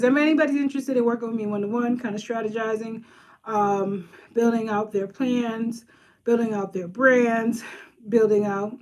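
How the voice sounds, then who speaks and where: A woman from Boston hosting a casual live stream, chatting and answering viewer comments as they come in. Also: on the high side. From Boston, USA. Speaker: livestream host, social worker.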